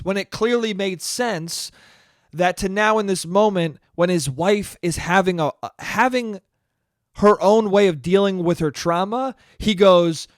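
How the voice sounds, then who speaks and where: A man's voice: sits high, unhurried, no echo, clean studio sound. A young man hosting a solo podcast, ranting casually with exasperation and plenty of profanity. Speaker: podcast host.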